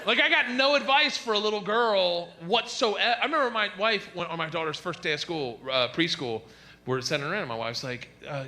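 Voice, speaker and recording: Brash, animated male stand-up comedian. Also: high-pitched, fairly quick. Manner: brash, animated storytelling with big shouted punchlines. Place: comedy stage in front of an audience. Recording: live stage recording with audience noise.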